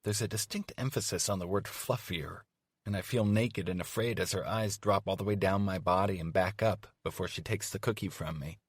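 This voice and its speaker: A man's voice: low-pitched, normal speed, breathy edge, dry recording, clean studio sound. A man narrating a first-person romance audiobook in a wry, conversational storytelling manner. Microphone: studio microphone.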